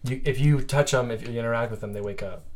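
A woman runs a tabletop game, casually narrating what happens and calling for checks. Her voice is extremely deep for a woman. A faint background hiss runs under it. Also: quick pace, darkish tone. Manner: casual, narrating actions and rules. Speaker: game master.

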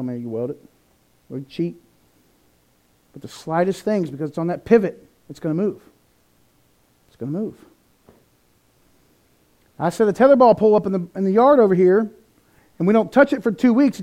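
High-voiced, mellow preacher. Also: male voice, a little fast, pauses often. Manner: animated preaching, acts out quoted voices, big swings in pitch and loudness. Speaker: pastor. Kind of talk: sermon.

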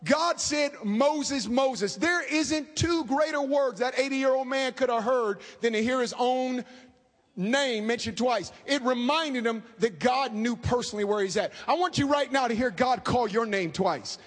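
A man preaching a fervent sermon, talking fast and calling out to the congregation. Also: very high voice. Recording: long hall reverb.

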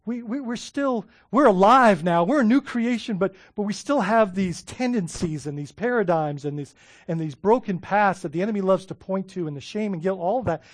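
A man preaching a sermon as a pastor, animated, often restarting words and laughing as he talks. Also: high voice, moderate pace, no room sound, studio quality.

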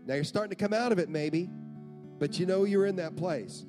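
A pastor preaching a sermon in a church, earnest, repeating phrases for emphasis. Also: male voice, sits high, fairly quick, music in the background.

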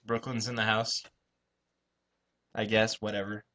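A man co-hosting a casual sports radio show from a college station studio, jokey and quick to laugh. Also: lowish voice, little pitch movement, pushed and bright. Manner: jokey, laughs often, mock pleading bits.

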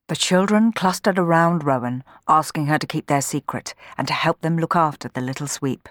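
A woman reading a children's storybook aloud in an expressive way, changing her voice for the characters. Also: deep voice, normal speed, few pauses, dry recording, studio quality.

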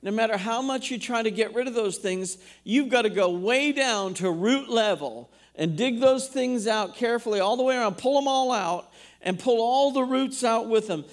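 A man's voice: very high-pitched, normal speed. A man, a pastor, preaching a sermon in a church, reading scripture aloud and asking the congregation questions.

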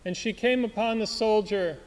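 A man whose voice sits high, speaking at normal speed, preaches by telling a story in an earnest, dramatic manner. Long hall reverb colors the recording.

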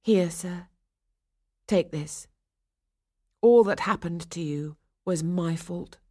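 A woman voicing a clever young village bride who speaks softly and apologetically, in a storybook reading. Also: on the low side, takes it slowly. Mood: apologetic.

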